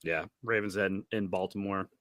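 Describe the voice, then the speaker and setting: A man's voice: low-pitched, fairly even intonation, normal speed, fairly bright tone, no echo, clean studio sound. A man with a Boston accent hosting a casual sports podcast, putting questions to his co-hosts and teasing them with profanity. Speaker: podcast host asking the questions.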